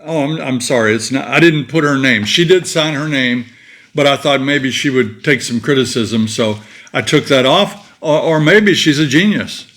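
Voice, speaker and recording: A man's voice: mid-range voice, moderate pace, fairly bright tone. An older man co-hosting a casual chat show with his wife, joking in a folksy way and reading viewer mail aloud. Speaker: co-host of a retiree channel.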